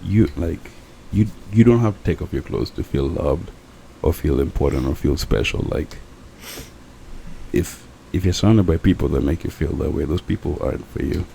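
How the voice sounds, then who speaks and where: A man's voice: very deep voice, moderate pace, vocal fry, dark tone, slight background noise. A young man rambling earnestly in casual chat, a bit drunk and repeating himself. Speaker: podcast co-host. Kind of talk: casual late-night chat.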